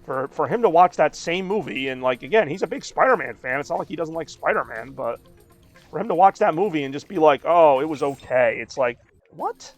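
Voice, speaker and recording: A man's voice: on the high side, expressive, brisk, lo-fi sound, faint music behind. A man in his thirties streaming a game and chatting casually, rambling with lots of fillers. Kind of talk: casual chat while gaming.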